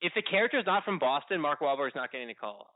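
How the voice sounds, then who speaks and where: A man's voice: a little high, animated, fast talker, no echo. Teasing opinionated man on tinny audio. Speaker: podcast co-host. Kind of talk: casual chat. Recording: tinny phone-like line.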